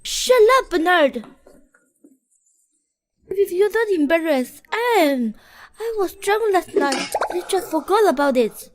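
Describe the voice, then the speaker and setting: A woman dubbing a drama role as a tipsy, sharp-tongued young woman with a slurred, drowsy delivery. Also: high voice, slow pace, husky, full character voice. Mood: indignant. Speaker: heroine. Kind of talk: dubbed drama acting.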